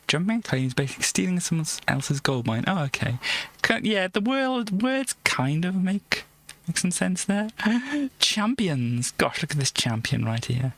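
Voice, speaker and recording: Woman, streamer, casual chat, giggly, trailing asides. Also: deep voice. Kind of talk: casual live-stream chat reading an old games magazine.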